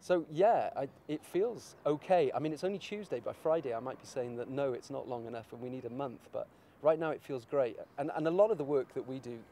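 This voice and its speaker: A man's voice: medium pitch, brisk, few pauses, warm tone, slight background noise. A man artist talking in a casual interview, rambling and searching for his words.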